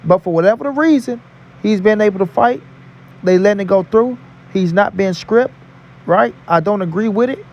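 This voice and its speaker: High-voiced man ranting heatedly. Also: normal speed, a little mellow, muffled recording. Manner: profane, emphatic, repeats lines for punch. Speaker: boxing commentary vlogger. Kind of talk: heated opinion rant.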